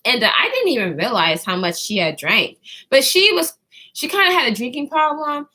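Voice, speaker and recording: A young woman's high, bright voice carries a long storytime vlog told straight to her camera. She talks casually and swoops all over her range. She curses freely and throws herself into playing the other people in the story. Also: moderate pace. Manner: animated, profane, acts out quotes in others' voices. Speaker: vlogger.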